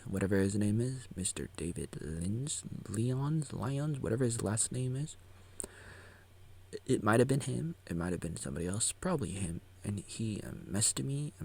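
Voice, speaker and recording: A man's voice: mid-range voice, gravelly, darkish tone, slightly rough. A man giving a goofy, rambling live reaction to a video about himself, jumping into silly voices and whispers. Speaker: vlogger reacting to his own documentary. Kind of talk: casual live reaction commentary.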